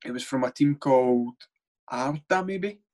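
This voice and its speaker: A man's voice: medium pitch, unhurried, darkish tone. A Scottish former footballer chats bluntly and at length, swearing as he goes. His voice sits in the middle of the range, and he rambles through his stories in a loose, casual way. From Scotland. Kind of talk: casual podcast chat.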